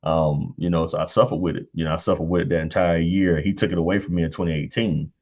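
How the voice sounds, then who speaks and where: A man in his thirties tells stories about his son in a casual, animated way, laughing often. His speaking voice sits very low, but he leaps up high to act out what people said. The recording sounds a little dull and lo-fi. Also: quick pace. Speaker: guest on church panel. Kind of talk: casual storytelling.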